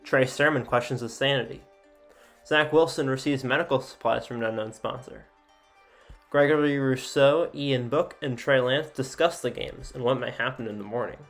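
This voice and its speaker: A man's voice: medium pitch, moderate pace, soft background music. A man casually reading out simulation events as a sports video host, with frequent filler sounds and offhand asides. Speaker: sports YouTuber.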